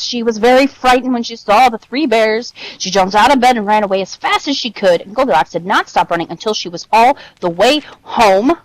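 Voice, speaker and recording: A woman reading a children's story aloud, animated and playful, chatting between pages. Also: fairly high pitch, a little fast, hardly any pauses, no echo, low-quality recording.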